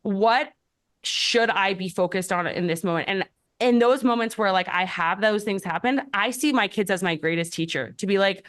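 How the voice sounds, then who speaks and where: A woman in her thirties, a podcast host and health coach, answering questions in a candid, reflective way, with many fillers and lively storytelling. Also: medium pitch, moderate pace. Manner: candid and reflective, many "like" fillers, animated when telling stories. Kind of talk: casual conversational podcast answers.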